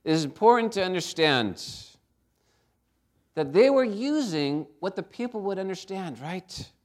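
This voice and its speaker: A man's voice: sits high, sing-song, unhurried, a little mellow. A man preaching a sermon, emphatic, asking his listeners for responses. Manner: emphatic, calls for congregation responses.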